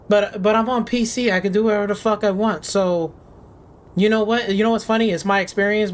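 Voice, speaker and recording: A game streamer with a mid-range voice rants through casual live commentary, cursing freely, being sarcastic, pretending to panic, and repeating words a lot. A faint hiss or hum sits under the audio.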